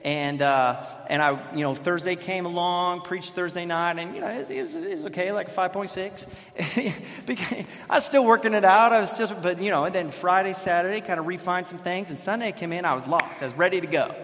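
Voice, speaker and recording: A man in his thirties, a pastor preaching a sermon in a church and telling an animated, self-deprecating story. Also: high-pitched, fairly quick. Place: church sanctuary. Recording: long hall reverb.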